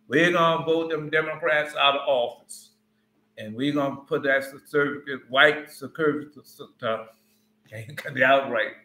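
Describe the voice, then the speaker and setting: A man's voice: medium pitch, measured pace, sharp tone. A man voicing a boastful, money-proud male preacher with a mocking tone. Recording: roomy echo.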